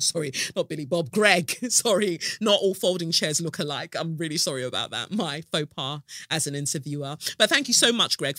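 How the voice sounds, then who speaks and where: A woman's voice: low voice, bright, forceful tone, dry recording, studio quality. A woman hosting a solo podcast, irreverent and sarcastic, swearing freely in casual satirical chat.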